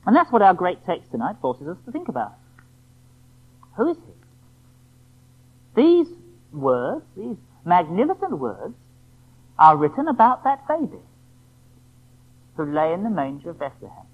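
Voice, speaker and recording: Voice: mid-range voice, very animated, normal speed, pauses often. A preacher giving an evening sermon, emphatic and rhetorical, often asking the listeners questions. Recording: tinny phone-like lo-fi sound.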